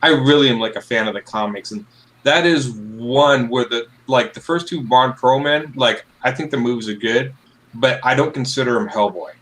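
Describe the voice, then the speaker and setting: A man's voice: mid-range voice, moderate pace, a bit bright, rough recording. A man panelist in a casual group chat, rambling with lots of fillers.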